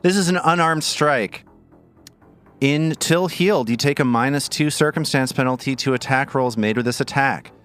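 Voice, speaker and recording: A man runs a tabletop game as game master, narrating scenes playfully and vividly with frequent laughter. His medium-pitched voice is clear, resonant and fairly bright at normal speed, with faint music behind.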